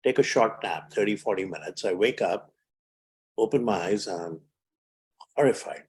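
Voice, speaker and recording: Low-ish with lively intonation, this man's voice moves at normal speed with long pauses. He's a 70-something physician from India, a podcast interview guest who tells vivid stories and performs the voices he quotes.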